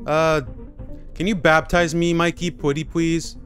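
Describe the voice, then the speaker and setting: A man doing let's play commentary, sarcastic and quick to swear. His voice sits high for a man and his delivery is slow and unhurried. Game music runs clearly underneath. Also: flat delivery. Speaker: streamer playing a game.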